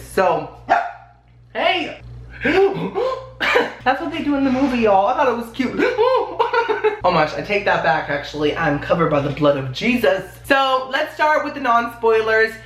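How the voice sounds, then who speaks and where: A woman's voice: lowish voice, expressive, moderate pace, few pauses, a bit bright. Chatty woman vlogging in an echoey room. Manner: chatty, laughs often, exclaims. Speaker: movie reviewer. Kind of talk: casual spoken movie review.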